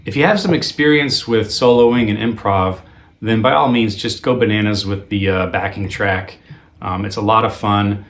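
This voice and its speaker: A man teaching a guitar lesson in a relaxed, conversational way, with frequent ums and uhs. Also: lowish voice, moderate pace, a little hiss or hum. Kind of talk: video lesson.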